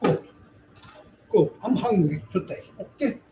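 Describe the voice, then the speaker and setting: Brief: man clowning as a loud Italian home cook with a fake accent, bouncy pitch, roomy kitchen sound. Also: expressive, a little slow, distant mic, muffled recording, slight background noise. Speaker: home cook filming a cooking video. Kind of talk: comic cooking show. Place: small rental kitchen.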